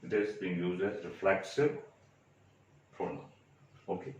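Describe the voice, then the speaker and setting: A man's voice: low-pitched, little pitch movement, a little slow, a little mellow, lo-fi sound. A man teaching an English grammar lesson, explaining step by step, repeating examples and checking with "right?". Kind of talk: classroom lecture. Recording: echoey room, mic far off.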